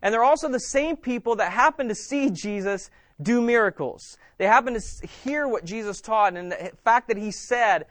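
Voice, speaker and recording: A pastor preaching to his church in a high-pitched male voice. He presses his points hard, repeating and restarting phrases. The sound is dry and close, with no room echo. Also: normal speed, fairly bright tone. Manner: emphatic, repeating words with frequent restarts. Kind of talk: sermon.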